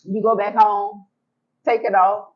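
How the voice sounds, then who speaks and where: A woman telling her own story as an interview guest, animated and emphatic, repeating words for effect and acting out what she said back then. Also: mid-range voice, unhurried, highs cut off. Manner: colloquial, acts out her own past words. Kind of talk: emotional personal storytelling.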